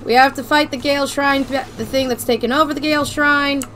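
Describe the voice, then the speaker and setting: A woman streams a video game, chatting casually, loud, blunt and joking, through a desk mic placed off to one side. Her voice is high-pitched with fairly even intonation, she talks a little fast, and there's slight background noise.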